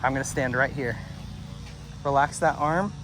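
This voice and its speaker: A man working as a dog trainer, coaching an owner outdoors with calm instructions and frequent praise. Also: mid-range voice, normal speed, noisy background. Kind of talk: hands-on coaching. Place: outdoors at a house doorway and yard.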